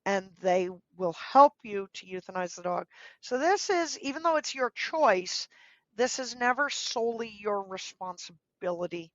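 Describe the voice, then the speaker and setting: A woman guest in a podcast interview, speaking earnestly and gently giving advice, now and then acting out what people might say. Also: mid-range voice, animated, unhurried, no room sound, highs cut off. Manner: earnest, gently advising, acts out quoted speech. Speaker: guest, dog trainer.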